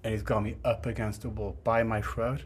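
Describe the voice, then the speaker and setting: A man's voice: fairly low pitch, little pitch movement, brisk, slightly rough. Rambling, swearing young man. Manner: rambling, full of fillers and swearing. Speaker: storyteller. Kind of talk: casual storytime monologue.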